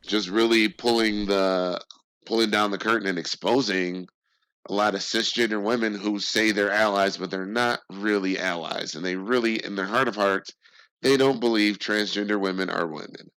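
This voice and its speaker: A man's voice: fairly low pitch, moderate pace, a bit bright, clean tone. A man co-hosting a casual podcast, speaking in a laid-back way with swearing and hesitant fillers. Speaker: podcast co-host.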